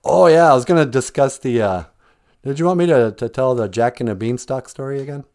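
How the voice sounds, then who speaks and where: A man's voice: mid-range voice, a little fast, darkish tone. A man hosting a podcast livestream, telling a folk tale in a jokey, folksy, casual way and laughing often. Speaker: podcast host and storyteller.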